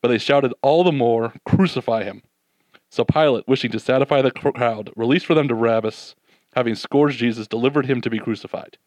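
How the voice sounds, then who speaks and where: Male preacher, mid-pitched, lively scripture retelling, dead-dry close recording. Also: dry recording. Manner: animated, voices the disciples' doubts, drops soft and slow for reflection. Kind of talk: sermon.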